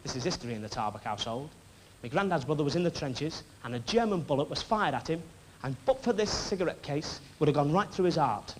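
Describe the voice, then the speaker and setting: A man's voice: on the high side, animated. A man hosting a variety show, telling cheeky jokes in stand-up patter to a live theatre audience. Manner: cheeky, quick joke-telling. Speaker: variety show host and comedian. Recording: noisy 1960s television broadcast.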